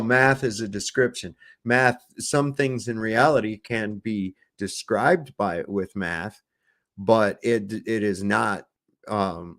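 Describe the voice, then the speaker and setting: A man hosting a casual commentary show, reacting sarcastically to videos with frequent swearing. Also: mid-range voice. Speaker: host.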